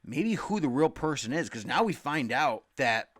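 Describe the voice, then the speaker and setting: A young man talking casually about comics, rambling, swearing freely and loudly acting out quotes. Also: a little high, sing-song, normal speed. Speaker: comic book podcast host. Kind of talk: casual comic review rant.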